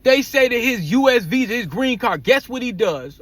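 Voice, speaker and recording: Brief: very high-pitched man, dry close sound, blunt profane storyteller. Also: moderate pace, no room sound. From United States. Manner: blunt, profane, animated retelling with acted quotes. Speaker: vlogger. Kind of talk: casual storytelling rant.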